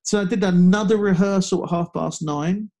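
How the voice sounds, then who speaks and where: A man telling a personal story in casual conversation, halting with frequent restarts and fillers. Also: sits high, fairly even intonation, darkish tone. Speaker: guest speaker.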